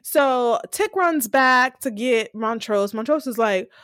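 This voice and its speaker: A young woman co-hosting a casual recap podcast, retelling scenes with lively acted-out quotes. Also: fairly high pitch, takes it slowly, clean tone, no echo, clean studio sound. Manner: animated retelling, acting out characters' lines. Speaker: podcast co-host.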